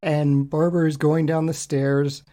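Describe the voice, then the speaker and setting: A man co-hosting a podcast, recounting things in a relaxed, chatty way. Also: on the high side, measured pace. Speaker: co-host. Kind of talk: casual podcast discussion.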